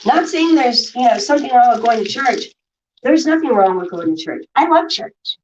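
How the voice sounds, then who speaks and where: A woman vlogger rants to her livestream viewers, irritated and swearing, in a slightly high, expressive voice at a moderate pace. The casual talk comes through as distant, dull lo-fi audio.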